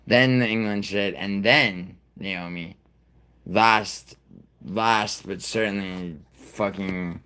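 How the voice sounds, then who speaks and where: Profane ranting man, slightly low voice. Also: slow, pushed and bright, clean tone. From New York. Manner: profane, rambling, combative ranting. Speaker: livestream host. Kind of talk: casual live-stream chat answering viewers.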